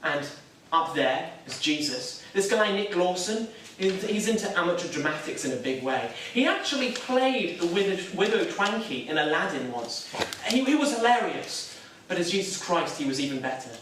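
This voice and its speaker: A man's voice: high-pitched, big pitch swings, moderate pace, fairly bright tone, a little hiss or hum. A young man playing a nervous self-doubting churchgoer. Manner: hesitant, self-deprecating, wry. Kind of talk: stage drama monologue. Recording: echoey room, mic far off.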